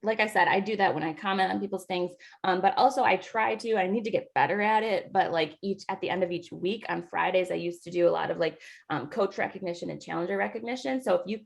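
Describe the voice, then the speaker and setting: Chatty woman with a gravelly voice. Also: on the low side, fast talker, few pauses. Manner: chatty, with many "like" and "um" fillers. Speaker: team coach leading a new-coach training call. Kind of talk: casual training talk over a video call.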